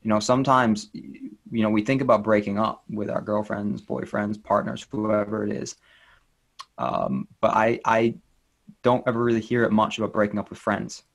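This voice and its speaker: A man speaking as an inner child life coach in an interview, earnest and gently encouraging, repeating phrases for emphasis. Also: on the low side, fairly even intonation, moderate pace, vocal fry. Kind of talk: interview guest, reflective talk.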